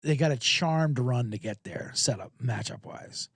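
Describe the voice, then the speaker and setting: A man hosting a sports betting podcast, talking casually in an animated, profane, rambling way. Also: mid-range voice, unhurried, breathy edge, no echo, clean studio sound.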